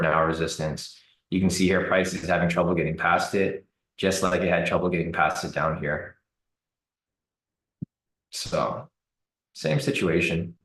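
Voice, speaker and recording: Low-voiced man commenting on live trading. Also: roomy sound, low-quality recording. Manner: relaxed, thinking aloud with fillers. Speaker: trading streamer.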